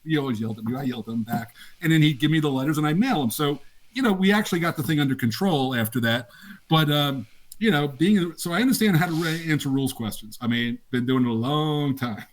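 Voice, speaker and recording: A man's voice: a little high, fast talker. An older man, a game designer, casually telling laughing anecdotes in an interview. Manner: animated, laughing anecdotes with acted quotes.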